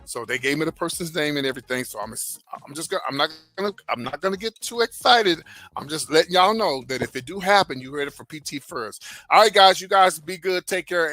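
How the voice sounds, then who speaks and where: A man's voice: fairly high pitch, pushed and bright, no room sound. A man hosting an entertainment gossip show, chatting casually and animatedly with viewers, calling them baby and child. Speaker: host of a celebrity gossip channel.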